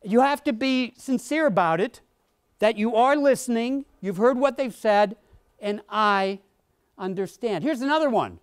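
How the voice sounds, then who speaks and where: A woman's voice: on the high side, expressive, normal speed, a little mellow, no room sound, studio quality. A woman leading a workshop lecture, explaining ideas with playful, jokey examples and questions to the class. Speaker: workshop instructor.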